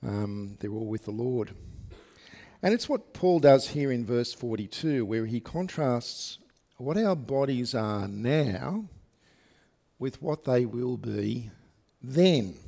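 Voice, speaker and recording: A man's voice: mid-range voice, expressive, takes it slowly, gravelly, dark tone. A man preaching a sermon to his congregation, speaking conversationally with many fillers and asides. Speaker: pastor. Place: church service.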